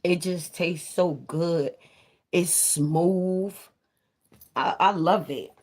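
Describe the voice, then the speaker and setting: A woman's voice: on the low side, extremely slow, a little mellow. A woman chatting casually to her viewers on a live stream, repeating herself and swearing freely. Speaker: vlogger on a livestream.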